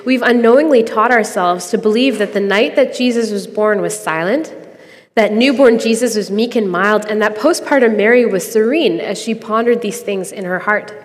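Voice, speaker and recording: A woman's voice: medium pitch, in a large hall. A young adult woman hosting a podcast, giving an earnest, conversational devotional reflection and laughing easily.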